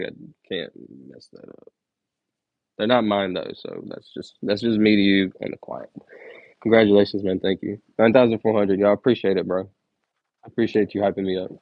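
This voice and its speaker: A man's voice: fairly low pitch, no room sound, narrow, tinny audio. A young man streaming, counting aloud and chatting to viewers in a laid-back way, saying "like" a lot, recorded on earbuds.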